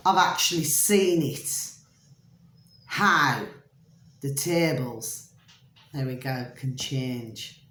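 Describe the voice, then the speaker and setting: A woman's voice: extremely low pitch, expressive, very slow, pauses often, fairly bright tone, roomy sound. A woman vlogging to camera in a chatty, meandering monologue that keeps drifting off track. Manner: chatty, meandering, easily distracted; calls viewers "my delicious little babies".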